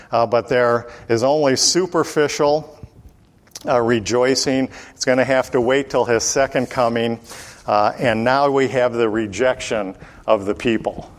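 Guy teaching through the bible, asks questions then answers them, voice goes up on the scripture readings. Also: mid-range voice. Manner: reads scripture aloud in a raised voice.

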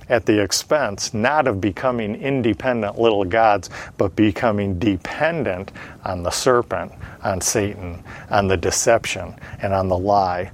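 A man preaching an expository sermon, reading scripture aloud and explaining it verse by verse, with frequent "uh" fillers. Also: on the low side. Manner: measured teaching delivery with frequent "uh" fillers.

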